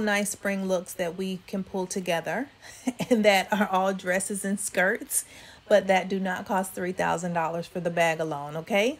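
A woman hosting a fashion vlog, chatting casually with viewers about outfits. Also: lowish voice. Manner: chatty, addresses viewers as y'all. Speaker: fashion vlogger. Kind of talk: casual styling commentary.

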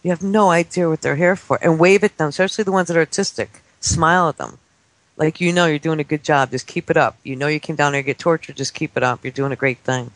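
Brief: man, forties, radio guest, animated storyteller who mimics kids, dry close studio sound. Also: fairly high pitch, fast, no echo. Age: 40s. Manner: excitable storyteller acting out children's voices. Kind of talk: casual talk-radio chat. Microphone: studio microphone.

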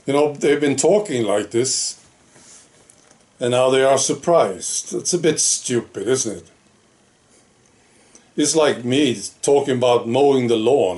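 Slow-talking man musing aloud. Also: mid-range voice, a little mellow. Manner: conversational, full of rhetorical questions and "right?" asides. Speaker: political vlogger. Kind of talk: casual opinion monologue.

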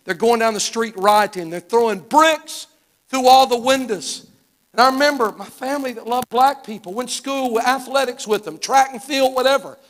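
A man in his fifties with a Southern American accent, preaching from the pulpit in a very high, strained register. He tells stories fervently and folksily, circling back and repeating himself for emphasis. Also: moderate pace, a bit bright. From Arkansas. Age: 50s. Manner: fervent, storytelling, folksy with repetitions. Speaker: guest preacher. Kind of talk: live church sermon. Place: church sanctuary.

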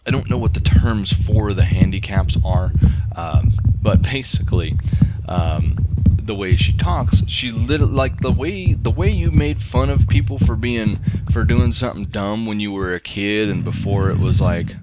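Over a game playthrough, a let's play host in his thirties tells a relaxed story, full of ums and false starts. His voice sits on the low side and unhurried, and the recording is very noisy.

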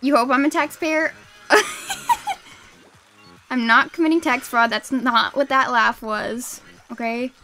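A young woman chatting casually while streaming a game, excitable and quick to laugh, with sudden shrieks at the game. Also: on the high side, faint music behind. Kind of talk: casual gaming stream chat.

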